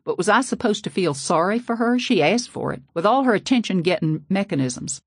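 A woman's voice: medium pitch, expressive, brisk, breathy edge, no room sound, studio quality. A woman narrating a novel in a folksy, sassy first-person voice. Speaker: audiobook narrator. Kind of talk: scripted narration.

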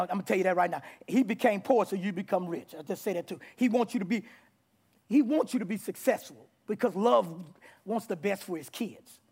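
Gravelly high-voiced preaching man. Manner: animated preaching with shouts and laughs. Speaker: pastor. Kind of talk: sermon. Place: church in front of congregation.

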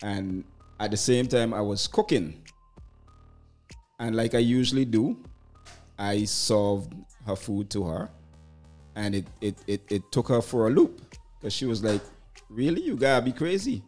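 A man on a casual group chat show, telling a personal story in a slow, measured way. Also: fairly low pitch, fairly even intonation, darkish tone, soft background music.

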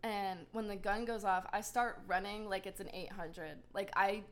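A woman's voice: mid-range voice, steady tone, moderate pace. A young woman co-hosting a podcast, telling a candid, self-mocking story in a casual way. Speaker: podcast co-host.

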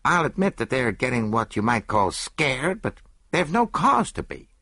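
A man's voice: mid-range voice, sing-song, normal speed, pushed and bright, no room sound, studio quality, pitched above the performer's own voice, heavily acted. A man voicing a blunt male doctor in an audiobook, speaking emphatically and dismissively. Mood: emphatic.

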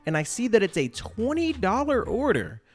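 A man hosting a podcast, telling a casual story in a rambling, animated way, full of fillers and checks like "all right?". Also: high-pitched, moderate pace, soft background music. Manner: animated, exaggerated retelling. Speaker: podcast host.

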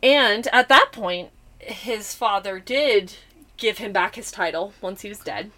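A woman co-hosting a casual podcast, telling a story in an animated way and swearing freely. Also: mid-range voice, a little slow. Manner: animated, swearing, acts out her own reactions.

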